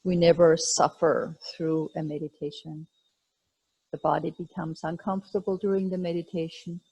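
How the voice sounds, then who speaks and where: A woman teaching a yoga class, guiding breath and meditation in a slow, calm, soothing way. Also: low-pitched, vocal fry, breathy edge, highs cut off. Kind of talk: guided yoga instruction.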